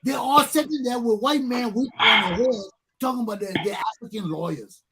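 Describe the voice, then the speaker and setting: A man's voice: very high-pitched, brisk, over a noisy crowd. A man from Liberia hosting a talk show, ranting angrily in a profane, repetitive way full of rhetorical questions. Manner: angry, profane, repeating himself, rhetorical questions. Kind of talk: heated talk show rant.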